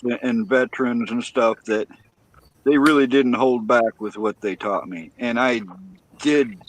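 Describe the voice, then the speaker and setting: A man's voice: mid-range voice, a little slow, slight background noise, rough recording. A man in casual livestream chat, talking in a loose, profane, rambling way.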